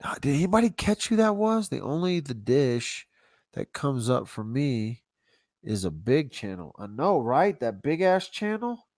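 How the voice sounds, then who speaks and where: A man hosts a livestream in a loose, easygoing way, dropping casual slang and thinking out loud. His voice sits at an ordinary pitch. The sound is dry and close. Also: big pitch swings, a little slow, dry recording. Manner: rambling, laid-back, talks to himself while browsing; casual slang, says y'all. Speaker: YouTube channel host.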